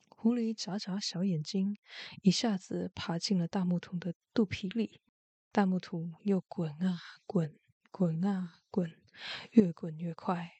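A woman hosting a show and reading a bedtime story aloud in a gentle, expressive way. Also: on the low side, moderate pace, husky, dry recording. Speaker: host and storyteller.

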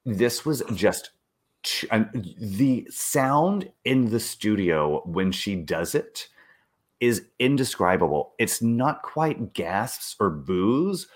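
A man co-hosting a casual chat, telling a story with animated delivery and acted-out quotes. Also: slow pace. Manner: animated, acts out quotes with swooping pitch. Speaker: podcast co-host.

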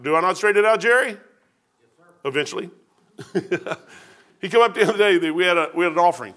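High bright folksy pastor. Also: male voice, fast talker, long pauses. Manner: folksy storytelling, self-deprecating humor. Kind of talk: sermon. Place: church.

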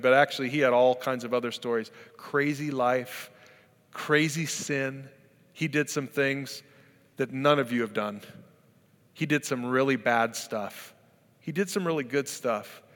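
A middle-aged man preaching a sermon, chatting his way through stories. His pitch sits mid-range for a man. The voice rings with a long hall reverb, as in a large church auditorium. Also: fairly bright tone. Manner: conversational, storytelling with acted-out quotes. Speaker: pastor.

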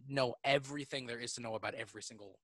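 A man's voice: mid-range voice, racing, bright, forceful tone, no echo. A young man hosting a podcast, chatting casually and jokingly with lots of fillers. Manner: rambling, joking, many fillers. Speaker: podcast host. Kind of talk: casual chat.

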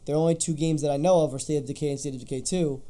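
A man co-hosting a gaming podcast, talking through the news in a relaxed, rambling way. His voice is mellow and dark, with plenty of ums and restarts as he goes. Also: a little high, rapid-fire. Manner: relaxed, chatty, lots of fillers and restarts. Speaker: podcast co-host reading news. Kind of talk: casual gaming podcast chat.

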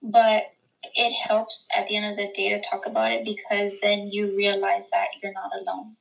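A young woman guest in a casual chat, talking in an emotional, halting way with many fillers. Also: medium pitch, completely flat delivery, vocal fry, lo-fi sound. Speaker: podcast guest.

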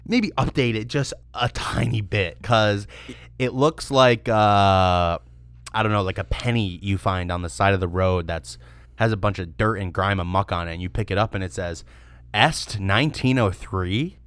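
A man's voice: on the low side, fairly even intonation, normal speed, smooth, no room sound. A young man co-hosting a podcast, chatting casually with sarcastic, rambling jokes and frequent laughs. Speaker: podcast co-host reviewing beer. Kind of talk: casual comedic chat.

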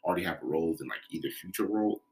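A young man, a film director talking casually in a relaxed, rambling way. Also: low-pitched, very fast. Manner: relaxed, rambling with many fillers. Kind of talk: casual conversation.

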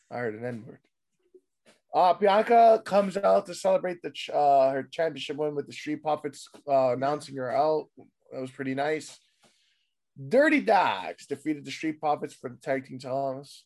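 A man with a voice gone hoarse, casually recapping a wrestling show with a friend, swearing freely and mimicking people in quick bits. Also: a little high, darkish tone. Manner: loose, profane, mimics people in quick bits, trails off mumbling. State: losing his voice. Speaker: podcast host recapping wrestling. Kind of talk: casual chat.

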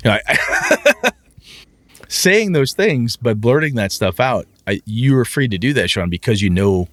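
A man chatting casually about running tabletop games, animated and profane, often acting out his players in a raised, excited voice. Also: mid-range voice, measured pace. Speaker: podcast co-host, game master.

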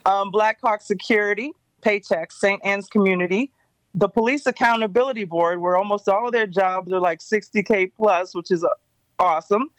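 A woman appearing as a guest on a morning radio show, explaining the details of an event in a steady, informative way. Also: mid-range voice, normal speed, no echo. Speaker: radio show guest, job fair organizer. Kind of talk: casual radio interview.

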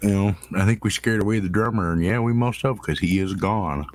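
A man's voice: fairly low pitch, brisk, a little hiss or hum. A man co-hosting an online show, joking crudely and goofing around with his partner. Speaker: podcast co-host. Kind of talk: crude casual banter.

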